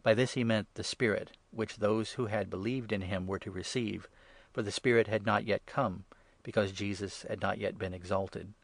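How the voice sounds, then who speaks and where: A man giving a measured, even scripture reading. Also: fairly low pitch, creaky, no echo. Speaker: reader.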